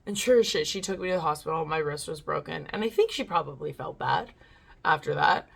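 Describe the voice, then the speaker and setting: A woman hosts her own channel, chatting casually and rambling, swearing now and then, and reading stories aloud. Her voice sits low and is husky with vocal fry, and she talks briskly.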